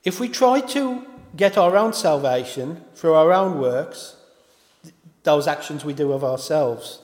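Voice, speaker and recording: A man's voice: fairly high pitch, expressive, measured pace, darkish tone. A man preaching a sermon in an informal way, often stopping to correct himself and apologise. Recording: echoey hall with long reverb.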